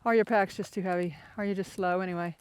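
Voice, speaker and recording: A man's voice: sits high, steady tone, fast talker, clear, resonant tone. An older man from Florida, chatting casually and poking fun at himself while he walks a foggy mountain trail, talking into a handheld phone camera. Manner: chatty, self-mocking, rambling. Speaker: hiker vlogger. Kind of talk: casual vlog while hiking.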